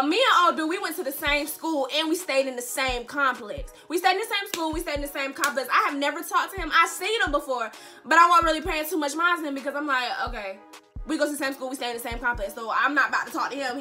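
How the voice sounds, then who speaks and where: A young woman vlogger telling a dramatic storytime tale in casual slang, speaking straight to her viewers and repeating lines for emphasis. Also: high-pitched. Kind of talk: storytime vlog.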